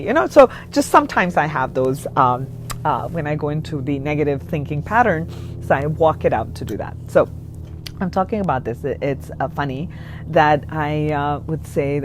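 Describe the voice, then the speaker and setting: A woman giving a general spiritual reading to her viewers, chatty and rambling, who often checks in with "okay?" and moves between hushed and excited moments. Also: sits low, normal speed, slight background noise. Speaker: spiritual card reader.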